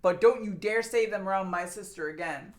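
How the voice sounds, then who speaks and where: A woman's voice: medium pitch, brisk, natural voice. A woman voicing an offended stray tomcat who swears indignantly and guards his sister.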